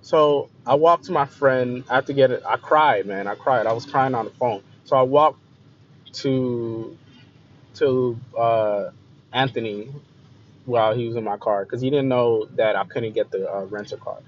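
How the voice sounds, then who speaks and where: A young man telling a personal story in a confessional way, repeating himself and often trailing off softly, on a dull lo-fi recording. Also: mid-range voice, a little slow. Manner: emotional, repeats phrases, voice trails off quieter. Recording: slightly dull lo-fi recording with faint noise.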